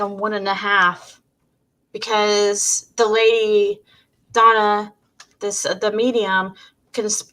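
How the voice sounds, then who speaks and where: A woman's voice: medium pitch, bright, forceful tone. A woman hosting a casual commentary, talking loosely with restarts between the clips she plays. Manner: rambling, many restarts, speeds up in asides. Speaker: true-crime commentary host.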